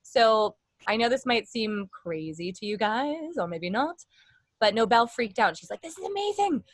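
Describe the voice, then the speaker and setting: A woman's voice: mid-range voice, expressive, normal speed, no room sound. A young adult woman vocal coach giving a casual, rambling lesson with demonstrations.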